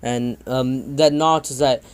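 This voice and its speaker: A man's voice: medium pitch, fairly even intonation, measured pace, smooth. A man casually retelling a fan story on his channel, loose and rambling with many ums and restarts. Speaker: channel host.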